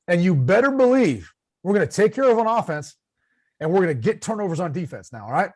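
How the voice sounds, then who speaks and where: A man's voice: high voice, big pitch swings, fast, voice pushed up. A man putting on the voice of a generic football head coach, with a slight Southern drawl and clipped sentence endings. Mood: fired up. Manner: punchy, emphatic, generic slogans. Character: gruff generic male football head coach at a press conference.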